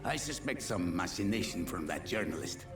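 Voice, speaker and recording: A man's voice: sits low, lively intonation, normal speed. An actor playing a suspicious, surly male doorkeeper who talks curtly and dismissively, in a video game. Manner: curt and dismissive. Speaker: doorkeeper of a medical facility. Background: game music.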